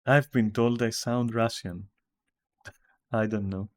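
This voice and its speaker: A man's voice: on the low side, fairly even intonation, slow pace. A man with a Greek accent chatting casually with viewers while streaming a game from home, rambling and swearing casually. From Greece.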